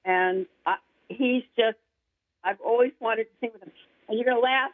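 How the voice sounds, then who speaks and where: A woman's voice: a little high, slow, long pauses, dry recording. Gushing woman on a tinny phone line. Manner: gushing, rambling, excitable. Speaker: guest singer-songwriter. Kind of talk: casual interview chat.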